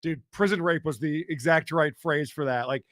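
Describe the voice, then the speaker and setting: Male host, high bright voice, sarcastic casual commentary, dry sound. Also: moderate pace, no echo. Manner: joking, sarcastic narration. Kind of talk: casual commentary on police videos.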